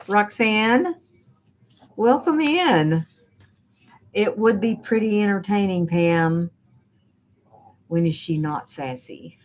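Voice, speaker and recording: A woman's voice: on the low side, dark tone. A woman hosting a casual live stream, reading viewer comments aloud with sassy, teasing asides.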